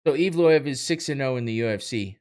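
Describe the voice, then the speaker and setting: Animated and fairly quick, this young podcast host has a medium-pitched voice with a darkish tone. He does casual solo watch-party commentary over a live fight, rambling and swearing, ribbing himself and laughing frequently.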